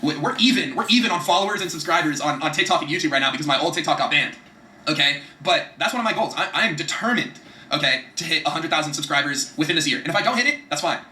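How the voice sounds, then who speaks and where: A man giving a fast, profane, emphatic motivational talk about setting goals, often repeating himself for emphasis. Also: fairly high pitch, lively intonation, sharp tone, roomy sound. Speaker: vlogger giving trading and goal-setting advice.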